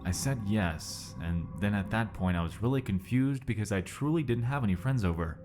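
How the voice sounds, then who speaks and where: Deep-voiced man reading a story over music. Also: lively intonation, moderate pace. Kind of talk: read-aloud story narration.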